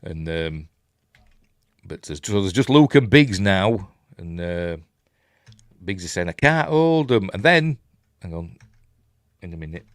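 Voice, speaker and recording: Speaking slowly with frequent pauses, an older man from Yorkshire offers a meandering, chatty film commentary and hums along with the music. His deep voice has a sing-song quality, captured cleanly with no room sound.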